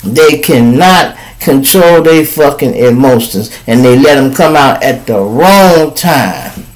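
A man's voice: medium pitch, lively intonation, slow pace, low-quality recording. A man from Chicago hosting a podcast, giving casual, profane commentary and acting out quoted people in raised voices. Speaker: podcast host.

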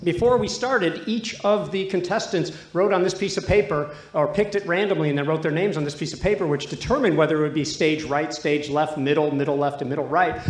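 A man's voice: fairly high pitch, a little fast, few pauses. A man hosting a live trivia game in a hall, joking and loose with the contestants. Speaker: trivia show host. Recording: echoey hall.

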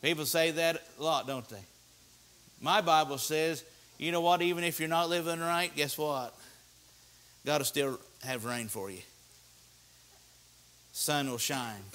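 A man's voice: fairly high pitch, bright, forceful tone. A man preaching a sermon in a church, earnest and repetitive, asking his listeners questions. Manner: earnest, repeats key words, asks the audience questions.

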